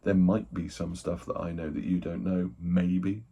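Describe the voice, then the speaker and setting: Male host, casual self-deprecating unboxing chat; husky, dark tone. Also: deep voice, flat delivery, unhurried. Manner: rambling, self-deprecating, thinking aloud. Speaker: book collector, channel host.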